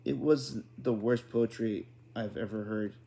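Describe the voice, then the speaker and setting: A man's voice: fairly low pitch, fairly even intonation, a little slow, vocal fry, mellow. A man voicing a dramatic, overly polite boy in a storybook reading, his speech stiff and formal. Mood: solemn.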